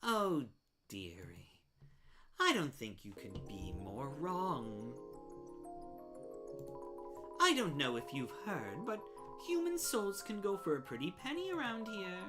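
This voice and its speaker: A woman voicing a greedy spider baker woman who sweetly calls everyone dearie, with a low hushed menace under the sugar. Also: huge pitch swings, slow, long pauses, music in the background, exaggerated voice. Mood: scheming.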